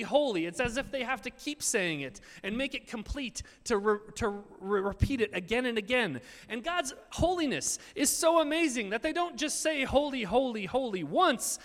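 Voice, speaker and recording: A man preaching a sermon in an animated, conversational way, often turning to his listeners with asides. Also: extremely high pitch, big-room sound. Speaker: pastor.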